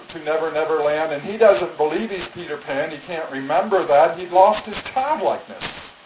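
Echoey storytelling male preacher. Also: on the high side. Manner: storytelling, acts out voices in quotes. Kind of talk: sermon. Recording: echoey room with background noise.

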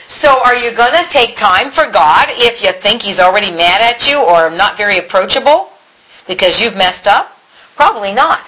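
A woman's voice: medium pitch, a bit bright, poor audio. A woman giving an earnest, encouraging church teaching. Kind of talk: sermon.

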